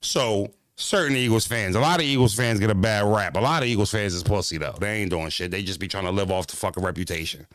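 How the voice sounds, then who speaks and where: Low-voiced philly guy on a livestream, cussing and slangy, chatting to viewers, dry sound. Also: fast, few pauses, fairly bright tone, dry recording. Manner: profane, slangy storytelling; talks straight to viewers. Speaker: livestream host. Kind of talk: casual livestream chat.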